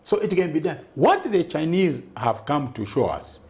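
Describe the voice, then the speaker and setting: Emphatic man with lively intonation. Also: a little high, moderate pace. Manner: emphatic, argues point by point and keeps asking "Okay?". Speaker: political party president. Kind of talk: TV interview answers.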